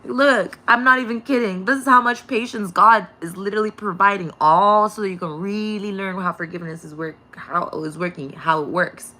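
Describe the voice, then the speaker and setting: A woman's voice: medium pitch, brisk, hardly any pauses, bright, forceful tone. A woman giving a casual spiritual message to her viewers, rambling and repeating herself, laughing often and swearing freely. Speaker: spiritual channel reader.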